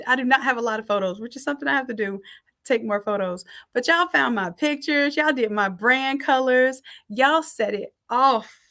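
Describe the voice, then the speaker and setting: A middle-aged woman teaching a design class on a live stream, reading out the chat and warmly thanking people by name. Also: a little high. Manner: warm, effusive thanks and shout-outs.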